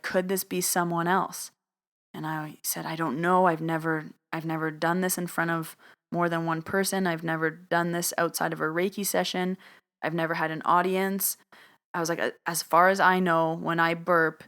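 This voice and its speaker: A woman telling a personal story in a podcast, animated, acting out other people's lines as she goes. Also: low voice. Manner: animated retelling, acts out others' voices in quotes. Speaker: medium telling her story.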